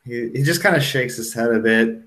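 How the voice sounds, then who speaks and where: A man narrating as game master of a tabletop role-playing game, relaxed and joking. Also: mid-range voice, fairly quick, reverberant.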